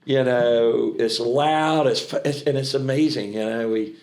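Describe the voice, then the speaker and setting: A middle-aged American man with a trace of a Southern accent, telling stories in an animated, rambling way and often restarting his sentences. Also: mid-range voice, a little slow, echoey room. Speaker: charity founder and auctioneer. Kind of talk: casual interview talk.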